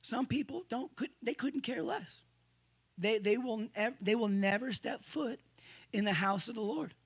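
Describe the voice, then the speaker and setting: A male pastor giving a conversational sermon to a congregation. He restarts phrases often and swings between loud emphasis and quiet asides. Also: very high-pitched, measured pace, slightly rough. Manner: conversational preaching with frequent restarts. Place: church service room with a congregation.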